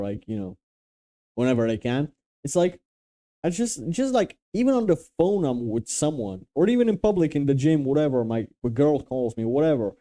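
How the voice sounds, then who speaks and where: A man's voice: a little high, warm tone. A young man from Romania giving casual, blunt, profane advice with emphatic restarts. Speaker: dating and confidence coach.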